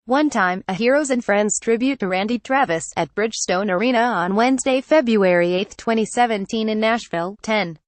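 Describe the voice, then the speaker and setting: A woman's voice reading out a news article, photo credits and quoted punctuation included, in a flat read-out manner. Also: on the high side, brisk, few pauses, no echo. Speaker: news reader. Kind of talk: text-to-speech article reading.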